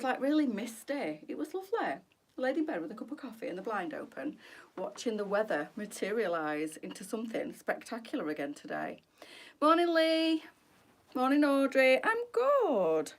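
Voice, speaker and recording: A woman hosting a boutique clothing live stream, chatting and greeting viewers by name in an affectionate, gushing way. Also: medium pitch.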